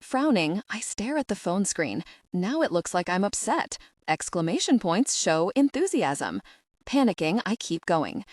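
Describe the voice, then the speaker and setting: A woman narrating a first-person romance audiobook in a wry, expressive way. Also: medium pitch, unhurried, dry recording, clean studio sound.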